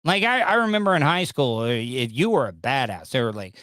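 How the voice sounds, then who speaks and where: A man's voice: mid-range voice, very animated, fairly quick, fairly bright tone, dry recording. Male podcast host, wisecracking and mocking, dry room. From Southern US. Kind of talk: casual commentary on news clips.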